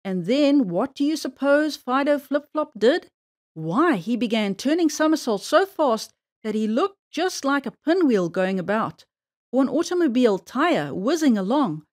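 A woman reading a children's story aloud in a playful, expressive storytelling manner. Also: high voice, moderate pace.

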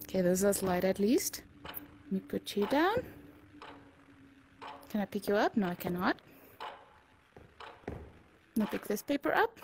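A woman playing a game and giving casual commentary, swearing and reacting out loud as she goes. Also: medium pitch, big pitch swings, moderate pace, pauses often, a little hiss or hum. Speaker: gamer.

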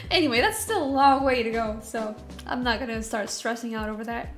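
Giggly high-voiced woman streaming a game. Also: moderate pace, music in the background. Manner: chatty, giggly, excitable. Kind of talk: casual let's-play commentary.

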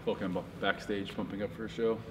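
A man's voice: on the low side, flat delivery, fast. Man, fitness vlogger, jokey casual chat, long gym reverb, faint background noise. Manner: jokey and playful.

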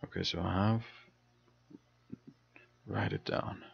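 A man's voice: sits low, steady tone, takes it slowly, vocal fry, slightly rough. A man casually commenting while playing a horror game, muttering, thinking aloud and swearing often. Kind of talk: casual let's play commentary. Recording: dull lo-fi mic with faint noise.

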